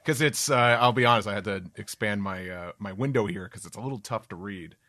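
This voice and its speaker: A man's voice: lowish voice, fast, pushed and bright, no echo, clean studio sound. A man with a New York accent hosting a podcast, casually recapping a comic chapter and rambling on, sometimes reading lines in playful voices. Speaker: podcast host.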